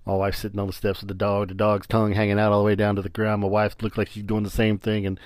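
A man in his late forties with a somewhat low voice tells a rambling family story with lots of laughter. He talks in a casual, animated way, and the sound is dry and close-miked, recorded while he lies on a bedroom floor. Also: fast talker, dry recording. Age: 40s. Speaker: vlogger. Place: lying on a bedroom floor indoors.

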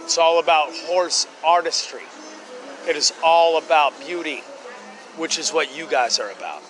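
A man in loud, rambling, crude street chat as a guest on an outdoor podcast. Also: fairly high pitch, a little slow. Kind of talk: rowdy casual street chat. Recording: street noise behind.

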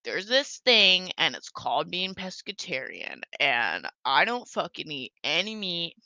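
A woman voicing her teenage cousin, slow, drawling and swearing, in a casual podcast. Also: lowish voice, very animated, pushed and bright, no echo, full character voice. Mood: laid-back. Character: laid-back, profane teen girl cousin.

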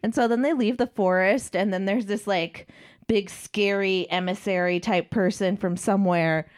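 A woman's voice: mid-range voice, steady tone, normal speed, smooth. A woman co-hosting a podcast, recapping a novel in casual, irreverent chat and swearing freely. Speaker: podcast co-host.

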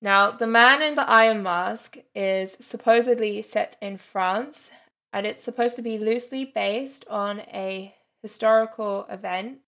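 A woman in her thirties talks through a film she watched in a casual, open review. Her voice has a noticeable vocal fry, and she breaks into light laughs between points. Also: medium pitch, fairly bright tone. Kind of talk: casual spoken movie review.

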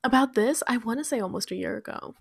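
Woman co-host, wry and teasing, slightly high voice, casual chat. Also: fast talker, vocal fry, slightly rough, dry recording, clean studio sound. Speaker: podcast co-host.

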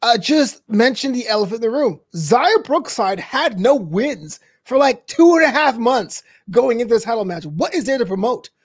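Lively, teasing podcast co-host. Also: medium pitch, moderate pace, few pauses, slightly rough. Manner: teasing, lively, acts out quotes. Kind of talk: casual wrestling chat.

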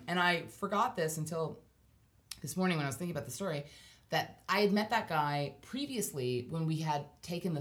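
Rambling woman telling a story. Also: sits low. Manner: rambling, self-deprecating, laughs while telling. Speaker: podcast guest storyteller. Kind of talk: casual chat storytelling.

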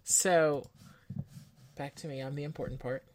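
Low-voiced woman, dry and wry. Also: steady tone, a little slow, crowd noise. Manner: dry, matter-of-fact, wry asides. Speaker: podcast co-host. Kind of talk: casual true-crime chat.

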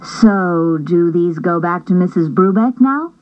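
A woman's voice: lowish voice, expressive, a little slow, lo-fi sound. A woman voicing a skeptical, worried mother who asks doubtful questions.

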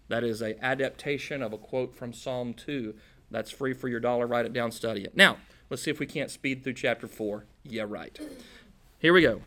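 A male preacher teaching scripture in a relaxed, chatty way. He jokes and drops folksy slang, and his pitch sits mid-range for a man. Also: moderate pace. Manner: casual and joking, with folksy slang. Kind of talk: conversational Bible-teaching sermon.

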